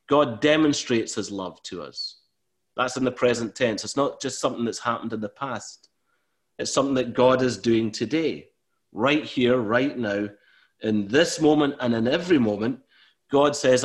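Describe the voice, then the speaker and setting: Guy preaching a sermon, earnest, gets emphatic and loud in spots, middle pitch. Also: moderate pace. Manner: earnest, rising to emphatic bursts when voicing God. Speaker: pastor.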